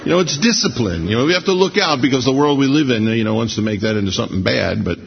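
A middle-aged man preaching a sermon in a conversational, storytelling way, slowing down to read scripture. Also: mid-range voice, expressive, vocal fry. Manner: conversational, anecdotal, slows down for scripture reading. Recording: dull lo-fi sermon recording.

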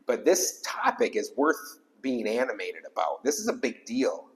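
A pastor preaching an emphatic sermon to a small congregation, repeating key lines for weight. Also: male voice, mid-range voice, huge pitch swings, normal speed, poor audio. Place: small church gathering.

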